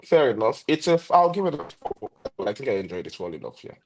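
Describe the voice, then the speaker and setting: A man in a casual podcast chat, easygoing and agreeable, who lays out his reasoning at length. His voice sits at an ordinary middle pitch. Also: very animated, quick pace, a little hiss or hum, rough recording. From Nigeria. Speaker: podcast co-host.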